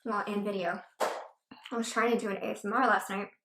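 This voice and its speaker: A woman's voice: mid-range voice, fairly even intonation, moderate pace. A woman vlogging at home as she eats, chatting casually and rambling between murmurs of enjoyment. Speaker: mukbang vlogger. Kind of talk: casual eating chat. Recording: echoey room with faint noise.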